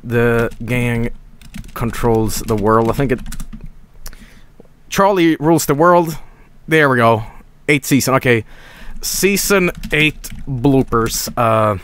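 A man's voice: medium pitch, fairly bright tone, clear, resonant tone, no echo. A man streaming a video game, talking casually with lots of swearing and rambling asides. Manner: rambling, swears a lot, breaks into laughter. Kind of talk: casual live-stream commentary.

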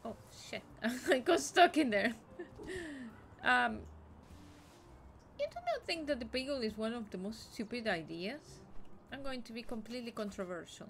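A woman streaming a video game, chatting excitedly, swearing and talking to the characters on screen. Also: a little high, normal speed, vocal fry, pauses often, slight background noise. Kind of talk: casual game commentary.

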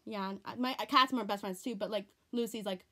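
A woman's voice: mid-range voice, brisk, bright, forceful tone. A teenage girl chatting casually in a home vlog, rambling and repeating herself in an earnest way. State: tearful, on the verge of crying. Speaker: vlogger.

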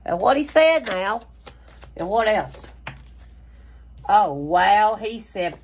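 A woman's voice: mid-range voice, very animated, takes it slowly, long pauses, a little mellow, a little hiss or hum. A woman giving a casual tarot reading, talking emphatically in a rambling way and swearing freely. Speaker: tarot reader.

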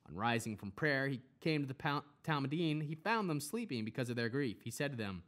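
Male scripture reader, plain mid voice, steady delivery. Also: medium pitch, a little fast, hardly any pauses. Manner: steady reading, occasional self-corrections. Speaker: Bible reader. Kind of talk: reading scripture aloud with character voices.

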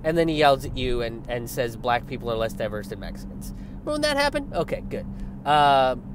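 A young man delivers a loose, sarcastic political rant, swearing freely and slipping into mocking voices. His voice sits at an ordinary pitch for a man. He is outdoors near a road, with faint traffic noise in the background. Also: fairly quick. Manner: animated, sarcastic, swears often, mocks opponents in high voices. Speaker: political commentator.

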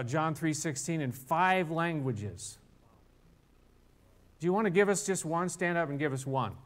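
Older man, pastor, casual church sermon, slightly high-pitched, stop-start delivery. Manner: conversational, halting with frequent restarts. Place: church sanctuary.

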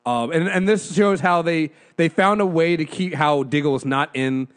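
A man co-hosting a casual review podcast, slangy and animated, laughing often. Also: on the high side, normal speed. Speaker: podcast co-host.

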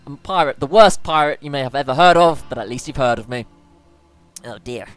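A woman's voice: very deep voice, brisk, dry recording, soft background music. A woman commentating over gameplay in a chatty, playful way, often breaking into panicked squeals. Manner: excitable, squeals and panics during play; chatty, playful self-mockery. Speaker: let's play gamer.

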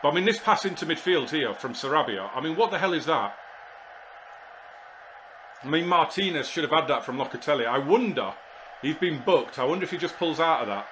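A man commentating live on his football management game, exasperated and muttering to himself, with sudden shouts when goals go in. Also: on the high side, expressive, brisk, slight background noise. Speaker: gaming YouTuber.

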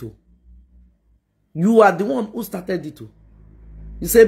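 A woman with a Nigerian Pidgin accent hosting a gossip reaction video, scolding and mocking with sudden shouts. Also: mid-range voice, expressive, measured pace, creaky, long pauses. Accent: Nigerian Pidgin English. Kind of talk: animated reaction commentary.

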